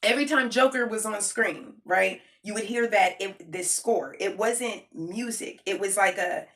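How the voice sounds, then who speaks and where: A woman's voice: medium pitch, measured pace, fairly bright tone. An adult woman giving a casual, emphatic review to camera, slangy and talking directly to her viewers, repeating points for effect. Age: adult with a child. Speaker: video creator reviewing a film.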